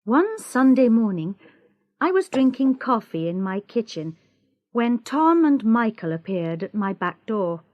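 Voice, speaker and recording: A woman reading a story aloud for English learners, slow, clear and expressive. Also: a little high, dry recording, lo-fi sound. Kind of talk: scripted narration for English learners.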